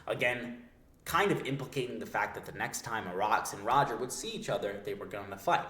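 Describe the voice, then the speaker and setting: Young male host, hyped and slangy, very lively, echoey room. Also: lowish voice, fairly quick. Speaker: manga breakdown video host. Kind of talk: excited, profane, casual commentary.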